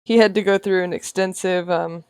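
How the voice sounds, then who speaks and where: A woman's voice: on the low side, fairly even intonation, moderate pace, a little mellow, smooth, dry recording, clean studio sound. A woman artist chatting casually while she draws on a livestream, playful and sarcastic, often laughing. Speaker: artist streamer. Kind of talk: casual chat while drawing on stream.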